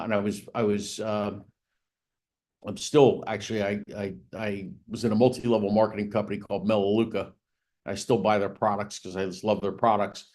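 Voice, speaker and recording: In a business planning session for real estate agents, this coach talks conversationally and stresses key ideas with rising emphasis. His voice sits on the low side and sounds a little mellow. He leans on "right?" and "again" repeatedly.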